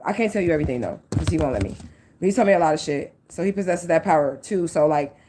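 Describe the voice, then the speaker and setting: A woman's voice: low-pitched, expressive, fast, warm tone. A woman giving a casual psychic tarot reading to her viewers. She speaks frankly and swears freely, fills her talk with "like" and "okay," and addresses the audience directly and earnestly. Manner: frank and profane, with many likes and okays.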